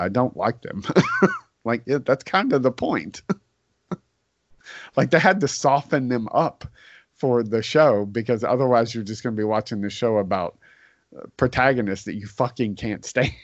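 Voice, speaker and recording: A man's voice: fairly low pitch, no room sound. A man co-hosting a podcast, telling stories in a laid-back way and swearing casually. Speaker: podcast co-host. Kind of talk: casual chat. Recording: dry, slightly dull podcast audio.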